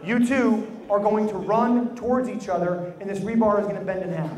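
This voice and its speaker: High-pitched male coach, emphatic and directive, live in an echoey room full of people. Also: fairly even intonation, fairly quick. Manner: emphatic and directive, repeats his cues. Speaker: motivational coach leading a group exercise. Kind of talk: live instruction to a group. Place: large room with an audience. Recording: echoey hall with crowd noise.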